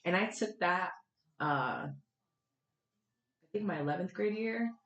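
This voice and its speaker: Podcast guest: young woman from Florida, lowish voice, chatty and blunt, recorded in an echoey room. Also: measured pace, highs cut off. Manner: animated, candid storytelling with casual swearing. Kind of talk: casual chat.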